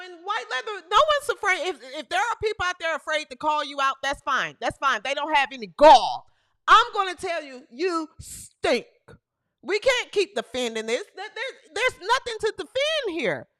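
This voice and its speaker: Very high, bright-voiced woman ranting. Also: big pitch swings, measured pace. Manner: emphatic, repeats phrases for emphasis. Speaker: host. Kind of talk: sports commentary rant.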